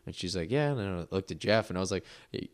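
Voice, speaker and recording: A man's voice: low-pitched, lively intonation, fast talker. A young man, a podcast guest, telling a long casual story full of "like" and "you know.". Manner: rambling, filler-heavy storytelling with lots of "like".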